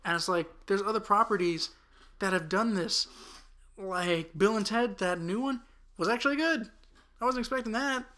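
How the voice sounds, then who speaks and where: A man's voice: high voice, normal speed, sharp tone. A young man co-hosting a casual podcast, ranting with lots of swearing. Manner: profane, ranting. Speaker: podcast co-host. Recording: audio-only podcast.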